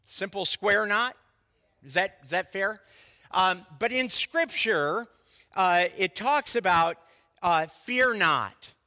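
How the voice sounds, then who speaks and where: A man's voice: high-pitched, lively intonation, slow pace, sharp tone, big-room sound. An older man, a pastor of over thirty years, preaching a sermon in a conversational, storytelling way with asides to the congregation.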